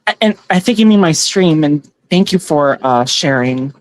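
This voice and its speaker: A woman's voice: low voice, lively intonation, normal speed, no room sound. Chatty giggly woman hosting a livestream. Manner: chatty and giggly, warmly thanking viewers by name. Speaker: tarot reader and livestream host. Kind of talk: casual livestream chat, reading out viewer comments.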